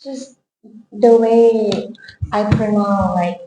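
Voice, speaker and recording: Lady student asking stuff slowly, soft dark voice, roomy echo. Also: mid-range voice, fairly even intonation, highs cut off. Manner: hesitant questions. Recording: echoey room, faint noise.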